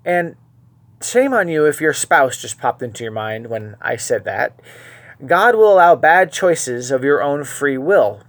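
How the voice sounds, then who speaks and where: A male preacher teaching scripture verse by verse, his voice gravelly and rough at the edges. He talks earnestly, dropping into soft asides and then leaning hard on key lines for emphasis. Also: mid-range voice, expressive, unhurried. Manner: earnest, shifts between quiet asides and emphatic stressed lines.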